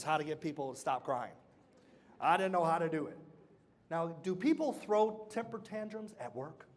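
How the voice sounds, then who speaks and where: A man with a fairly high voice runs a lively workplace training session. He talks straight to the room, tossing out questions and asking people to repeat key words back to him. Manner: quizzes the audience with call-and-response questions. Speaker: workshop speaker. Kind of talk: motivational workshop talk.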